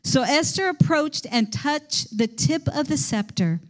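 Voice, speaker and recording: A woman's voice: high voice, lively intonation, a little slow. A woman teaching a Bible lesson in an enthusiastic, rambling preaching manner. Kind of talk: sermon.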